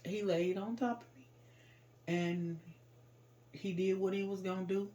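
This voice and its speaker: A woman tells a painful story from her own life in plain, informal speech. Her talk is raw and emotional, and she rises to loud outbursts when she relives the worst moments. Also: mid-range voice, fairly even intonation, measured pace. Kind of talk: personal storytelling.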